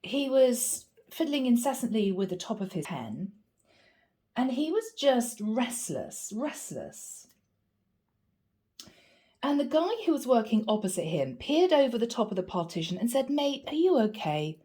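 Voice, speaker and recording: Gravelly-voiced woman reading tarot. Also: on the high side, normal speed. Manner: chatty, animated storytelling. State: gravelly from a cold. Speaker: tarot reader. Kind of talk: casual spoken tarot reading.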